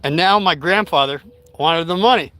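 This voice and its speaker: A man's voice: fairly high pitch, normal speed, a bit bright, no echo. An older man telling a rambling story to his live chat, stopping to talk to his dog. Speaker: vlogger. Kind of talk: casual storytelling livestream.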